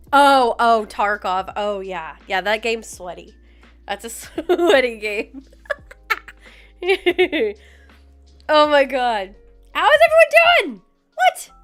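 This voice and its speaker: A woman's voice: sits high, fairly bright tone. A young woman hosting a livestream, chatting casually and giggling as she greets viewers by name. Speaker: livestream host. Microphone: desk mic with headphones.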